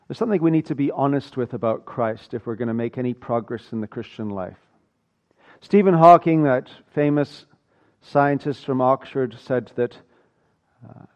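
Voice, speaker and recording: Man preaching in a dull lo-fi recording. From South Africa. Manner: rises loud for emphasis, drops to a hushed low voice. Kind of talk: sermon. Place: church. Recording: dull lo-fi sound.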